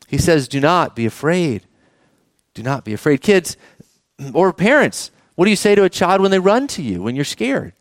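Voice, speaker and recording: Animated pastor, lively high voice. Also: male voice, no room sound, studio quality. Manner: animated, conversational, asks the congregation questions. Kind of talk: sermon.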